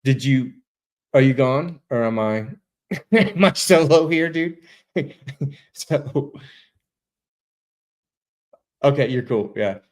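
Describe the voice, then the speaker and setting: A man's voice: mid-range voice, takes it slowly, long pauses. A man telling a story as a guest, casual and laid-back, over a video call. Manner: animated, laid-back, says dude a lot, swears. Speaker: interview guest.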